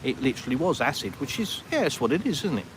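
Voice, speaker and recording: Very animated and fast, the British vlogger keeps up a rambling, self-mocking chat with live viewers as he walks through a town outdoors. His voice sits in the mid range, and the background is noisy with street traffic.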